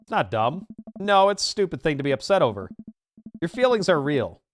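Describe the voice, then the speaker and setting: A man reading the lines of a dad comforting his daughter in a dating game, soft and earnest. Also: a little high, sing-song, fairly quick, faint music behind. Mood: gentle.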